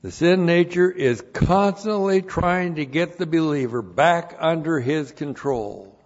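A man's voice: on the high side, expressive, unhurried. A man teaching the Bible verse by verse, working through numbered points and repeating each one twice. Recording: dull lo-fi recording.

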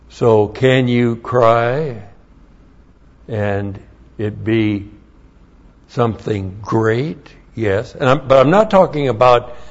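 A pastor teaches a verse-by-verse Bible lesson, spelling Hebrew words letter by letter and repeating key phrases. His voice is mid-range and the sound is lo-fi.

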